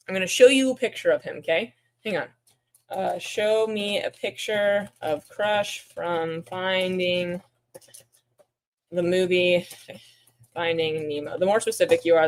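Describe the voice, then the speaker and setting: Chatty woman hosting a puppet livestream. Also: on the low side. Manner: chatty, reads chat aloud, mutters while clicking around. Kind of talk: casual livestream chat.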